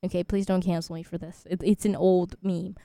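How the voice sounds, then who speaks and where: A woman's voice: on the low side, little pitch movement, fairly quick, vocal fry, mellow, dry recording, clean studio sound. A twenty-year-old woman hosting a student radio show, chatting casually and rambling with frequent laughs. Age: 20s.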